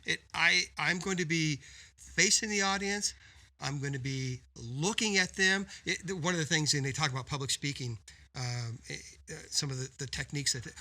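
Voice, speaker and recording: A man's voice: fairly high pitch, animated, normal speed, bright, forceful tone. A man co-hosting a business podcast, explaining in an emphatic, coaching way and often tagging points with "right?". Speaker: podcast co-host. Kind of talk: casual business podcast talk.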